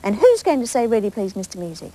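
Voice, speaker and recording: A woman with an Australian accent presenting a children's TV show, singing and reading a story aloud with gentle, coaxing questions to the children. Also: mid-range voice, sing-song, fast, low-quality recording. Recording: 1980s TV broadcast with faint music.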